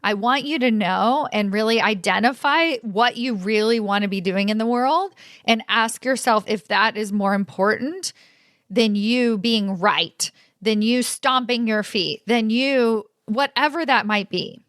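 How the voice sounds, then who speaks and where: A woman in her forties telling a personal story to her audience, animated and expressive. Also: fairly high pitch, measured pace, no echo, clean studio sound. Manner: animated, expressive, laughs often. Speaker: career coach and host.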